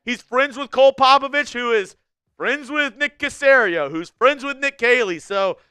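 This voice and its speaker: Bright, high-voiced male sports streamer. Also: moderate pace, smooth, no room sound. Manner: casual, animated fan-style ranting. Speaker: sports show host. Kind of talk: live-stream sports talk.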